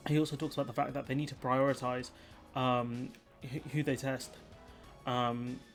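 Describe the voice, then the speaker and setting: A man's voice: medium pitch, flat delivery, normal speed, faint music behind. A man giving rambling, frustrated political commentary, full of fillers and restarts.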